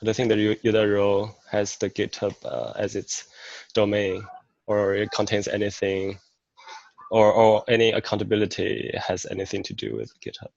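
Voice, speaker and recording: A man, the meeting secretary, calmly explaining a role proposal in casual meeting talk, step by step with fillers. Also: fairly low pitch, normal speed, gravelly, dull audio.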